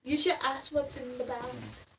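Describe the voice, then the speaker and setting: A woman's voice: high voice, fairly even intonation, a little slow, gravelly, crowd noise. A woman playing a tabletop game, giggly and teasing in casual talk. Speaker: player. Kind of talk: casual tabletop play chat. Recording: roomy, distant mic with hiss.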